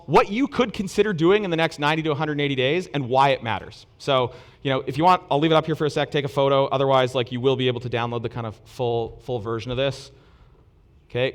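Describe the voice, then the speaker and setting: A man with a slightly high voice speaks from a conference stage in a loose, casual way. He jokes at his own expense and leans hard on key phrases. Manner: casual, self-deprecating, lively emphasis. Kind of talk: conference presentation.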